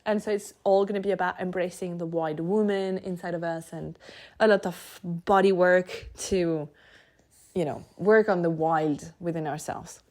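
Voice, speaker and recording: A woman's voice: on the low side, steady tone, moderate pace, a little mellow. French-accented woman, solo podcast host; casual, tangent-prone, laughs a lot, slightly stuffy nose. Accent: French, mixed with other influences. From France.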